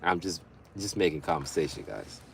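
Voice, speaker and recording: This young host has an extremely low, gravelly, slightly rough voice with big pitch swings and a moderate pace. On his casual livestream he reads viewer comments aloud, bantering and frequently laughing.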